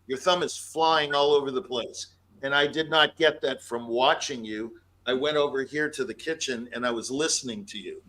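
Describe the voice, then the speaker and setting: A man's voice: mid-range voice, moderate pace, few pauses, fairly bright tone, poor audio. A man who is a pianist giving emphatic feedback to a performer and scatting melodies aloud to make his points. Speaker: pianist judging an audition.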